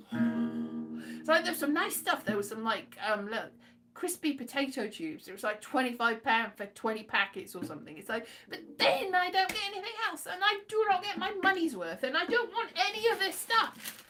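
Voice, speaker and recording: A woman vlogging in a rambling casual monologue, playful and silly, slipping into sing-song asides. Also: fairly high pitch.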